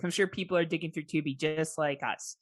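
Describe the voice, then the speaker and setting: A woman's voice: low voice, fairly even intonation, a little fast, dry recording. A woman co-hosting a podcast, chatting casually with dry, joking asides. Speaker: podcast co-host.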